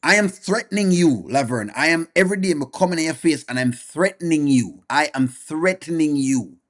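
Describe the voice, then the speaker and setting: A man's voice: on the high side, lively intonation, moderate pace. A man hosting a live reaction stream, bluntly addressing viewers by name and repeating his points for emphasis. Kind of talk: casual commentary.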